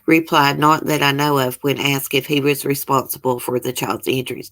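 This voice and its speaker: A woman's voice: extremely low pitch, little pitch movement, normal speed, hardly any pauses, a bit bright. A woman hosts a casual true-crime chat. She reads news aloud, breaks off with blunt remarks and gets openly emotional. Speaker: channel host.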